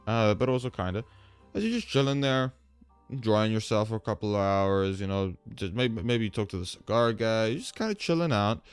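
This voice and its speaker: A man with a low, smooth voice narrates a tabletop game as game master. He is animated and chatty and fills gaps with "um" and "like." The sound is dry and close, with faint music behind. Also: dry recording. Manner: animated, chatty, many fillers.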